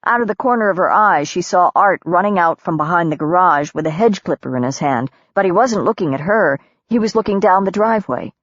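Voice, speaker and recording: A woman narrating an audiobook in a measured, steady storytelling voice. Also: on the low side, dry recording, highs cut off. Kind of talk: scripted narration.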